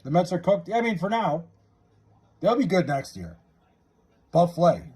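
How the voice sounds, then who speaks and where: Male streamer, husky voice, lively pitch, loose profane chat with viewers, drawls out joke names. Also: unhurried. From New York area. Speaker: livestreamer. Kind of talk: casual live stream chat, reading viewer comments. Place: his house.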